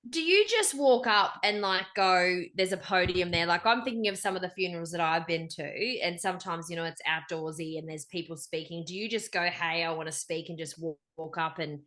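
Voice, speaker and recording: A woman co-hosting a podcast, chatting casually and asking lively questions. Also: on the low side, brisk, hardly any pauses. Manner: lively, laughs, asks questions. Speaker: podcast co-host. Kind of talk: casual chat.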